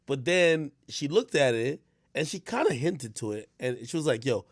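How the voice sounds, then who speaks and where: Animated man telling stories, dry sound. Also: medium pitch, normal speed, no echo. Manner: animated storytelling with frequent fillers, bursts of shouting. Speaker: streamer commentator. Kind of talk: casual reaction commentary.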